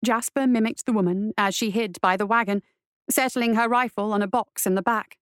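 A woman narrating a western adventure story in a steady storytelling voice. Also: mid-range voice, fairly quick, clear, resonant tone, dry recording, clean studio sound. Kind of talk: audiobook narration.

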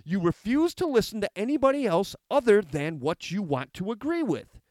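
A man's voice: sits high, big pitch swings, moderate pace, darkish tone, dry recording, studio quality. A middle-aged man giving a heated, argumentative monologue, reading out a letter and rebutting it with sarcasm. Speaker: commentator reacting to a letter.

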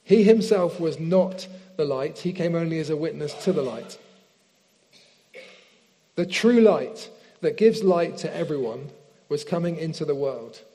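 A man preaching a sermon, leading a prayer and reading scripture slowly and earnestly. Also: a little high, expressive. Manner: earnest, slows down and softens in prayer. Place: church hall with screen behind speaker. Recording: long hall reverb.

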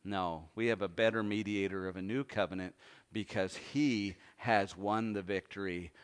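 A man preaching a sermon, swinging from hushed low lines to loud ones and asking the congregation questions. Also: moderate pace, smooth. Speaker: pastor.

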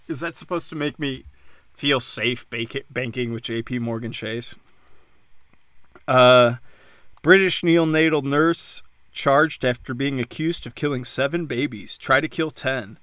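Casting: male host, bright forceful voice, sarcastic and foul-mouthed, dry close sound. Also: mid-range voice, a little slow, no echo. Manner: profane, sarcastic, rambling. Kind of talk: casual news rant.

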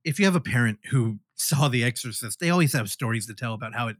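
A man co-hosting a podcast, chatting casually about horror films, animated and swearing freely. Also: medium pitch, quick pace, no room sound, clean studio sound. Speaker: podcast co-host.

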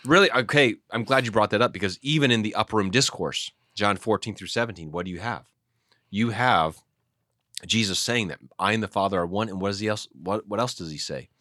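A man, a pastor, explaining Bible passages in an animated teaching discussion, often restarting his sentences. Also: fairly low pitch, a little fast, no room sound, clean studio sound.

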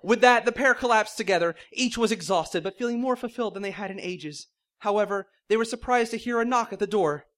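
A man's voice: high-pitched, brisk, a bit bright. A man reading silly fan fiction aloud in mock-serious narration, often breaking into laughter. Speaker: comedic reader.

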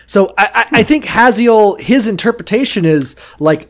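This is a man with a somewhat high voice, talking loosely and irreverently on a podcast. He jokes, swears and slips into quick impressions as he recaps a story. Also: expressive. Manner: joking, profane, acts out voices for bible figures. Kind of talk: irreverent casual chat.

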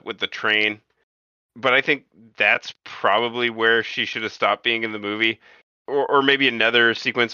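A man's voice: mid-range voice, sharp tone, smooth, no room sound. A man in a casual film discussion podcast. He is opinionated and often stumbles and repeats words. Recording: dull lo-fi sound.

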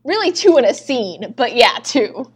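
A woman's voice: a little high, big pitch swings, a little slow, crowd noise. A young woman co-hosting a podcast, animatedly retelling TV scenes with quoted dialogue and frequent swearing. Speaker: podcast co-host recapping episodes. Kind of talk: casual chat.

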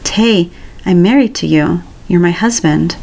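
Woman putting on tearful young man, higher voice, pleading, storybook reading. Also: a little slow, creaky, darkish tone.

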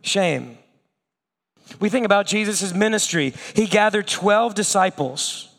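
High-voiced male preacher in a reverberant hall. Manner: animated storytelling, acting out quoted voices; drops to a slow, hushed tone for weighty points. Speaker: pastor. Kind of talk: sermon.

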